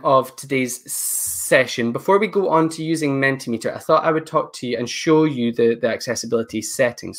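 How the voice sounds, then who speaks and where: Man giving a relaxed webinar. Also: mid-range voice. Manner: casual, thinks aloud while clicking through settings. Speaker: education technology presenter. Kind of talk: live online training session.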